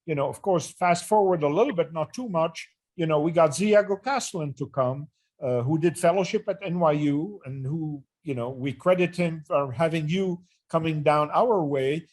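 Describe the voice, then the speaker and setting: A man's voice: on the high side, moderate pace, a little mellow. An older man, a retired neurosurgery chair, earnestly recalling his career in an interview and often restarting phrases.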